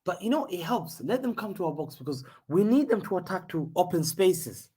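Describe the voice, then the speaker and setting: A husky, excitable man gives live football watchalong commentary. His pitch swings widely as he jumps between play-by-play and slangy asides. He repeats phrases as the action unfolds. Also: a little fast. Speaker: fan host of a live match watchalong.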